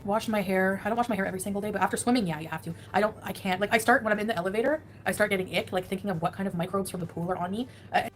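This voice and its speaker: A woman's voice: medium pitch, rapid-fire, few pauses, soft background music. A woman livestreamer chatting casually with viewers, rambling and laughing at herself.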